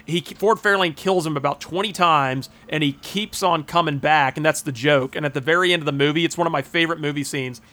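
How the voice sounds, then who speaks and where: A man's voice: fairly high pitch, fairly quick, few pauses, pushed and bright. A man co-hosting a casual podcast, animatedly retelling movie scenes and swearing freely. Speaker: podcast co-host. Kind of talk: casual chat, storytelling.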